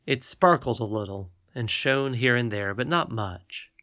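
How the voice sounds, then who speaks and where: A man narrating a storybook as an audiobook reader, soft and unhurried. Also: medium pitch, dry recording, dull audio.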